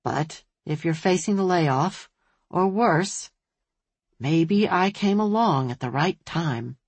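A woman voicing an earnest, persuasive businesslike man in an audiobook, with a low, husky voice. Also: animated, slow, dry recording, full character voice.

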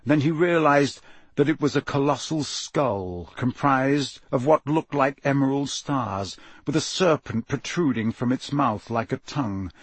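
A man narrating an audiobook with a dramatic, expressive reading. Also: mid-range voice, unhurried, breathy edge, dry recording.

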